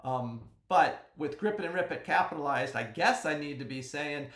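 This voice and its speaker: A man hosts a casual fantasy sports podcast, chatting and joking with the odd sudden yell. His voice is bright and a little high, and the room around him echoes. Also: moderate pace. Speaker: podcast host.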